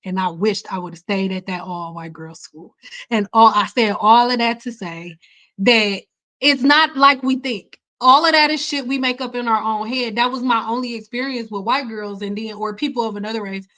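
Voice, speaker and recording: A young woman from Detroit rambles through personal stories on a casual livestream. Her voice is bright and slightly high, and she leaps up in pitch whenever she mimics someone. She talks in quick, looping, animated bursts. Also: low-quality recording. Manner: animated, chatty, acts out quoted people with big pitch jumps. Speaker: hair care livestream host.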